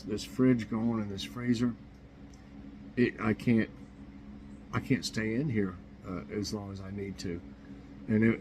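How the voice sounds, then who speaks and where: A man's voice: medium pitch, darkish tone, a little hiss or hum, rough recording. A man hosting a casual morning chat show from his kitchen, rambling and chuckling at his own jokes. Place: home kitchen.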